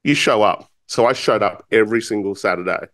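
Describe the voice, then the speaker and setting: A man with a fairly low voice tells a personal story with animation. He acts out the other people's lines as he goes. The sound is dry, with no room echo. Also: a little fast, a bit bright. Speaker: speaker telling a personal story. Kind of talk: storytelling talk.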